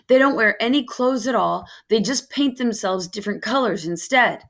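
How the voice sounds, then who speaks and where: A woman's voice: fairly high pitch, moderate pace, pitched above the performer's own voice. A woman voicing an eager, gullible boy servant on a ship, reading him in a raised, insistent voice. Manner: excited, insistent storytelling.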